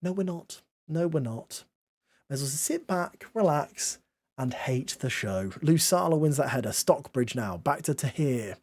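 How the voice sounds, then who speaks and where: A man's voice: medium pitch, animated, a little slow, no echo. A man giving playful, self-mocking commentary on a football management game, switching between mock-commentator play-by-play and wry asides. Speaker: gaming YouTuber.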